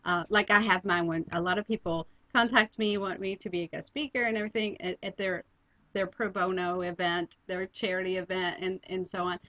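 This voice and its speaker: A woman hosting an interview show, asking questions in a friendly, halting way. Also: fairly low pitch, fairly even intonation, sharp tone, dry recording, lo-fi sound. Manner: friendly, hesitant, many ums and uhs. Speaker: radio show host. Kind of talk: interview conversation.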